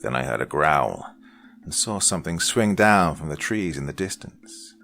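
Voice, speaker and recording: Brief: man, extremely deep and gravelly voice, reading a horror tale dramatically over faint music. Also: animated, moderate pace. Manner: dark, dramatic reading, dropping to hushed lines. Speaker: horror podcast narrator. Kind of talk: scripted horror story narration.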